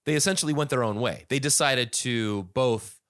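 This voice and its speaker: A man's voice: mid-range voice, moderate pace, a bit bright, no room sound, studio quality. A man hosting a casual podcast about a music album, rambling with many restarts and fillers. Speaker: podcast host.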